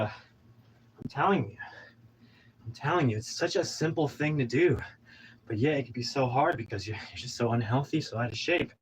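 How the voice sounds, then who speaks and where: A man's voice: medium pitch, slight background noise, low-quality recording. A man in his thirties, out of breath from exercising, giving a pumped-up, rambling motivational talk. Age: 30s. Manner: pumped-up, preachy, rambling with restarts. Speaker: vlogger.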